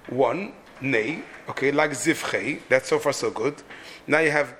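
A man's voice: mid-range voice, a little slow, fairly bright tone, slight background noise. A man teaching a text-study class, explaining the meter of a Hebrew poem with frequent restarts and repeated words. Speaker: Torah teacher.

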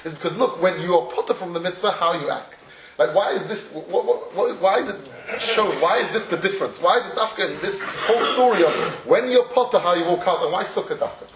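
A man with a slightly high voice gives a Torah lecture, telling stories animatedly with plenty of restarts and chuckles. The recording has a little hiss or hum, a distant mic, an echoey room, and faint ambience.

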